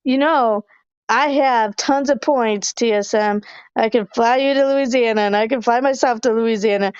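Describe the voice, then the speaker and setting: A woman hosts a podcast from her hotel room, chatting, reading comments and laughing a lot. Her voice is smooth and clear, a little high, and sits close and dry on a slightly dull recording. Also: normal speed, no echo. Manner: chatty, laughs often, many fillers. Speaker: podcast host. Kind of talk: casual chat reading viewer comments.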